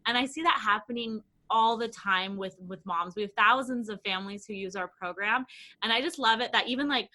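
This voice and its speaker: An enthusiastic woman in her thirties chats as a podcast guest, tumbling through restarts and little fillers. Her voice sits a touch high and sounds very bright and forward. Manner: enthusiastic, quick, many restarts and "like". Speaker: guest, language program founder. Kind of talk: casual podcast interview.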